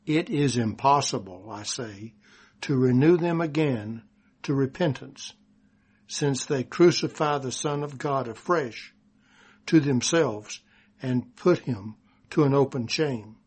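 A man from Texas with a Texan accent, preaching a sermon and reading scripture aloud slowly and deliberately. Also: mid-range voice, expressive, darkish tone, slightly rough.

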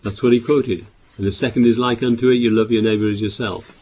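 A man preaching a sermon, reading scripture aloud louder and explaining it with halting restarts and repeated words. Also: medium pitch, fairly even intonation, breathy edge.

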